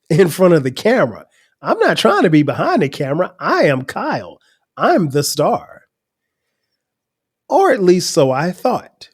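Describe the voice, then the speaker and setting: A man, telling a personal story on his podcast in a relaxed way and chuckling at his younger self. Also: fairly high pitch. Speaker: podcast host.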